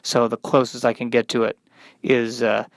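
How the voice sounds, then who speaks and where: A man doing a hopeless rock frontman, low, quiet and sighing. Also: level tone, moderate pace, no room sound, close to an everyday voice. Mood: mopey. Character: gloomy male alt-rock singer, hopeless.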